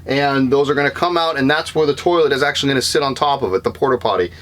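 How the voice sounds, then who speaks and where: A man's voice: medium pitch, quick pace, fairly bright tone. Rambling Boston-accented young man. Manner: rambling, lots of uh and um, self-correcting. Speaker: van life vlogger. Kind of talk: casual vlog walkthrough. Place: inside a van.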